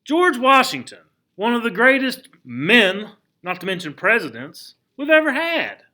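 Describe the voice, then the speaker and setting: A man teaching a history class in a lively, conversational lecture, often putting rhetorical questions to the students. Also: extremely high pitch, a little slow. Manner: conversational, frequent restarts.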